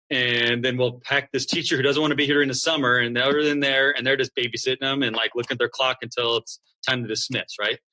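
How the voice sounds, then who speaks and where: Bright-voiced man, lively and chatty. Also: mid-range voice. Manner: lively, acts out quoted students and coaches. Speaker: school founder and guest. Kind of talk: casual interview conversation.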